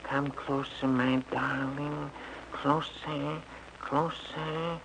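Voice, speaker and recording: A man doing an impression of a creepy soft-spoken film villain in a 1940s radio comedy, slow and breathy. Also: fairly high pitch, level tone, voice pushed up, heavily acted. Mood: creepy wooing. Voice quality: breathy, creaky, drawn-out. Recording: hissy old radio recording.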